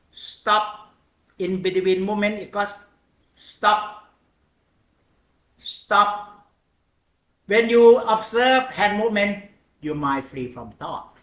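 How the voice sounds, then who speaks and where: Slow, halting man teaching meditation in an echoey room. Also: a little high, fairly bright tone. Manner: slow, halting non-native English in short phrases with pauses. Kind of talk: dharma talk on mindfulness.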